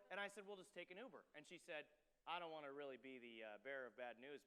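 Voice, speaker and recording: A man preaching a sermon as pastor, telling a story in an animated way and acting out the dialogue. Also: on the high side, in a large hall. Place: church sanctuary.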